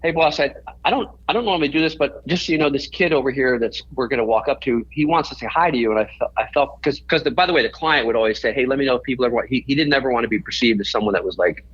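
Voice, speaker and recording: Husky-voiced man telling a long story. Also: mid-range voice, racing, few pauses, fairly bright tone, highs cut off. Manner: rambling, self-correcting storyteller. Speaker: guest. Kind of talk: storytelling in a podcast conversation.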